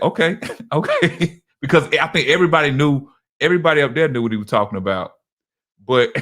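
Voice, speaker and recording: A podcast co-host with a mid-range, fairly bright voice chats casually, telling stories loosely and repetitively with frequent restarts.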